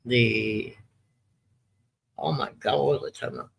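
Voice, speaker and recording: A man's voice: fairly low pitch, fairly even intonation, a little slow, gravelly, a bit bright, rough recording. A man in his sixties hosting a casual live chat, rambling and often losing his train of thought. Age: 60s. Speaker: livestream host.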